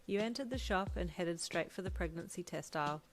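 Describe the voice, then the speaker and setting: A woman narrating a fan story as an audiobook, with even, unhurried storytelling. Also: lowish voice, slight background noise, low-quality recording. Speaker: fanfiction reader.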